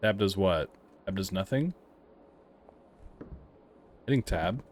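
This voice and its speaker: A man's voice: low voice, animated, takes it slowly, a little hiss or hum. A young man giving casual, wry commentary while playing and reviewing a video game. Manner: wry, sarcastic asides. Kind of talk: casual let's-play commentary. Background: faint game music.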